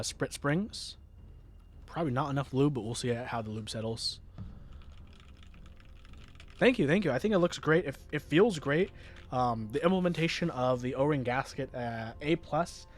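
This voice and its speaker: An American man chatting casually on a livestream, often restarting his sentences and answering chat. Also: mid-range voice. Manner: rambling, many restarts, reads chat aloud. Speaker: streamer. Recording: faint music in background.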